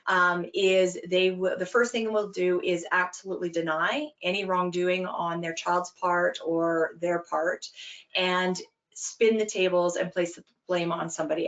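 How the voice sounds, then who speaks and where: A woman's voice: on the low side, dull audio. Earnest woman explaining on a webinar. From Canada. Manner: earnest and emphatic, explaining with quick examples. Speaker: webinar speaker, anti-bullying program founder. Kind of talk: webinar talk.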